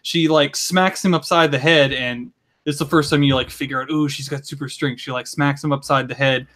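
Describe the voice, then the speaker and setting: A man on a podcast rambling through an anime recap, swearing often and clearing his throat. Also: on the high side, fairly even intonation, fairly quick, fairly bright tone. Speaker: podcast co-host. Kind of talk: casual chat.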